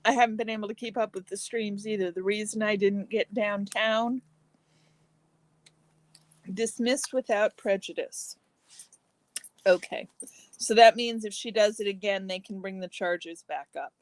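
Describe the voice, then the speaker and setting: A woman hosting a relaxed live stream, chatting casually with viewers and answering their comments while eating. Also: mid-range voice, measured pace, long pauses, no echo, poor audio. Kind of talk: casual chat reading comments.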